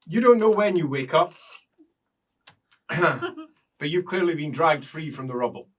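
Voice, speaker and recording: Bright-voiced male game master. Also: a little high, very animated, takes it slowly, far from the mic. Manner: laughing, playful narration with put-on voices. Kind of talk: narrating a tabletop game.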